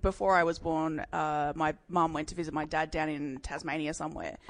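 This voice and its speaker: An Australian woman co-hosting a podcast, telling anecdotes in a lively, laughing way. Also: sits low, a little fast. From Melbourne, Australia. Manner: lively storyteller, laughs a lot. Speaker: podcast co-host. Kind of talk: casual chat.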